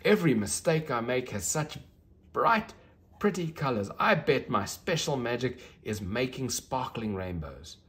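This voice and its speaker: A man voicing a gentle, hopeful young female unicorn in a children's storybook reading, sweet and full of wonder. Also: medium pitch, very animated, measured pace. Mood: cheery.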